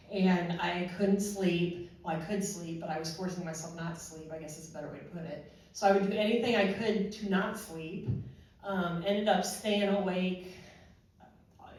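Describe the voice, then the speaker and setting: A woman, a former first responder, shares her own story at a panel in a halting way, with many fillers and restarts. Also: on the low side, darkish tone. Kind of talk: personal testimony at a panel. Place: large echoey room at a panel event. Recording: very echoey hall from far off.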